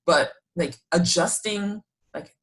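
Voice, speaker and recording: A woman's voice: on the low side, slow. Chatty young Nigerian-born woman host. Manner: laughs often, chatty and animated. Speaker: podcast host. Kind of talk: casual chat.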